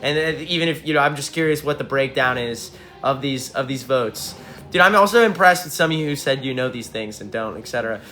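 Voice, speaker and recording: A young man, a band frontman, chatting casually with fans on a livestream, excitable and swearing, jumping from topic to topic. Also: medium pitch, a little fast. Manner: excitable, swearing, hype-driven, jumps between topics. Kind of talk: casual livestream chat with viewers.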